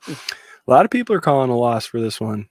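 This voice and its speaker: A man's voice: medium pitch, big pitch swings, fast, no echo, clean studio sound. A man co-hosting a casual sports panel podcast, giving blunt opinions and reading out viewer comments. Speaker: podcast co-host.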